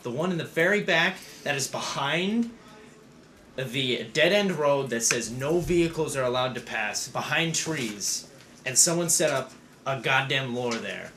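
A man's voice: mid-range voice, bright, forceful tone, echoey room, a little hiss or hum. A young man on a casual podcast among friends, rambling through a story and swearing freely. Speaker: podcast co-host.

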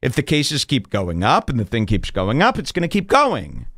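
A man's voice: mid-range voice, huge pitch swings, moderate pace, a bit bright, no room sound, studio quality. A man hosting a podcast, telling a rambling story in casual chat and swearing freely. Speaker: podcast host.

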